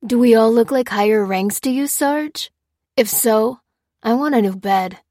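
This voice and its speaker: Woman doing a snarky soldier girl, a bit higher, dry and mocking. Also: a little slow, dark tone, no room sound. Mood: sarcastic. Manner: sarcastic, dry quips. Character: sarcastic young female soldier.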